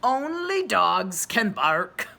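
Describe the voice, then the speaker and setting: A woman voicing a loud, bouncy dog who teases a frog in a storybook. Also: mid-range voice, sing-song, very slow, gravelly, full character voice. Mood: teasing.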